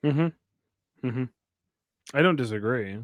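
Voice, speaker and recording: Deadpan joking man, dry close sound. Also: medium pitch, slow, no room sound. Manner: deadpan joker, agreeable backchannels. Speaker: podcast co-host. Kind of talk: casual movie-review chat.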